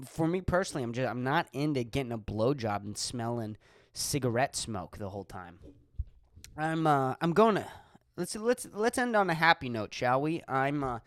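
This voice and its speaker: A young stand-up comic from Erie, Pennsylvania, hosts his own podcast, delivering a casual solo monologue that rambles along with lots of swearing and fillers. His mid-range voice is a bit bright, with lively intonation and normal speed, and the studio sound is clean with no echo.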